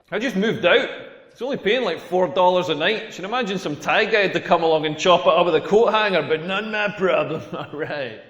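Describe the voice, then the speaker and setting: A man's voice: high voice, fairly bright tone. A man with a Scottish accent playing a crude, self-mocking stand-up comedian telling a rambling routine on a comedy club stage. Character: crude boastful Scottish male stand-up comic. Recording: echoey hall with long reverb.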